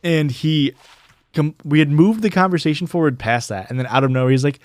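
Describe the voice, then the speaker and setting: A man's voice: a little high, brisk, no room sound. A young man streaming and chatting casually, telling stories in a rambling way, full of fillers and restarts. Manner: rambling storyteller, many "like"s and restarts. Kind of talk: casual chat while gaming.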